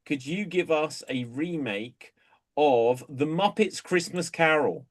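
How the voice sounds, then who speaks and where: A man hosting improv comedy games, brisk and chatty, laughing often between fillers. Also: on the high side, animated. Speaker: host.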